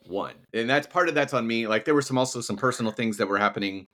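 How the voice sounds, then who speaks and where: A man's voice: mid-range voice, quick pace, fairly bright tone. A young adult man co-hosting a podcast in casual chat, rambling with frequent restarts and casual swearing. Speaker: podcast co-host.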